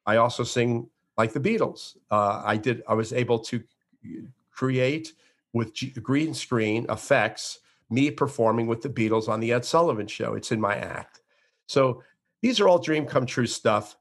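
A man in his sixties from Florida, an entertainer telling stories as an interview guest, animated, with frequent restarts. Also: medium pitch, measured pace. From Florida, USA. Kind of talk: interview conversation.

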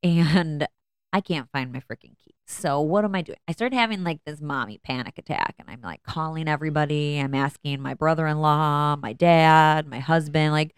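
A woman's voice: sits low, normal speed, clear, resonant tone, no room sound, clean studio sound. A woman in her thirties hosting a podcast, candidly telling a self-deprecating story about her kids and laughing often. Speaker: podcast host, mother of four. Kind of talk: casual personal storytelling.

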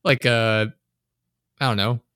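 A man's voice: mid-range voice, fairly even intonation, slow, pushed and bright, clean tone, no echo, clean studio sound. A young man chatting casually as a podcast host, telling long rambling stories, swearing a lot and laughing often. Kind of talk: casual chat.

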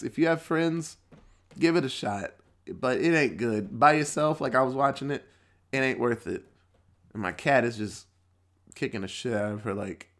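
A young man hosting a podcast, casually recapping a movie in a rambling way, correcting himself as he goes and swearing freely. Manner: jumps into higher voices when quoting characters. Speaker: podcast host.

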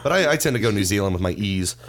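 A man co-hosting a podcast, chatting casually and profanely as he recaps a movie, quick to laugh. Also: on the low side, animated. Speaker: podcast co-host.

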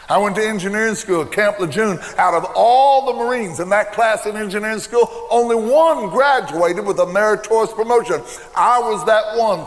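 A man's voice: high voice, normal speed. An older man preaching a sermon, telling a folksy story from his own past with emphatic repeated refrains. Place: church. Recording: long reverb in a church hall.

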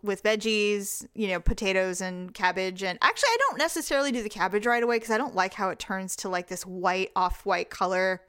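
A woman's voice: mid-range voice, fairly quick, few pauses, fairly bright tone, clean tone, no echo, clean studio sound. A woman co-hosting a podcast in casual chat. She is chatty and laughs often. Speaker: podcast co-host.

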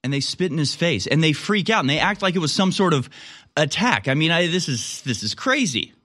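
A man's voice: fairly high pitch, big pitch swings, fairly quick, fairly bright tone. Give me a sarcastic male host doing casual political commentary, incredulous and laughing often.

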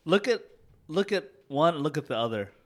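A man co-hosting a casual podcast chat, joking and quick to laugh. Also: on the high side, expressive. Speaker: podcast co-host.

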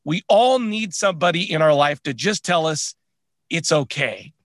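A man co-hosting a podcast, talking candidly in a relaxed, chatty way. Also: on the high side, normal speed, no echo. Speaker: podcast co-host. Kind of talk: casual chat.

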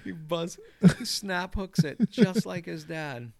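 A man in casual chat about golf, swearing freely and telling stories with lively energy. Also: high-pitched, slow, vocal fry, a little hiss or hum. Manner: profane, animated storyteller. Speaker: podcast co-host.

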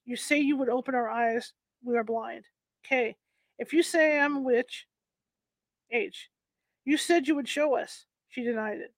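A woman's voice: fairly high pitch, fairly even intonation, measured pace, no echo. A woman reading an old court transcript aloud, stumbling and restarting over the archaic wording.

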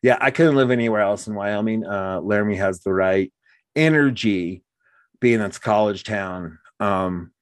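A man's voice: fairly low pitch, moderate pace, no echo, clean studio sound. A man talking casually as host, telling stories and acting out what people said. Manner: animated storyteller, acts out quotes. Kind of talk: casual conversation.

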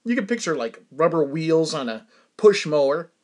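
A podcast host with a New England accent tells a rambling, self-amused story as a casual monologue, often chuckling and dropping to a mutter for asides. His voice is a little high, sing-song, and a little mellow, at normal speed.

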